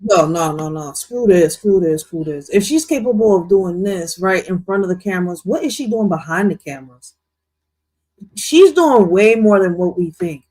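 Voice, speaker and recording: A man's voice: high-pitched, animated, moderate pace, husky. Heated, profane male commentary co-host. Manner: profane, heated, loud outbursts. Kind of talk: casual commentary.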